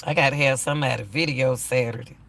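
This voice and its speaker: Older male host, gravelly and bright-toned, emphatic casual commentary. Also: mid-range voice, fairly even intonation, fast. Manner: emphatic, repeats himself. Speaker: YouTube commentator.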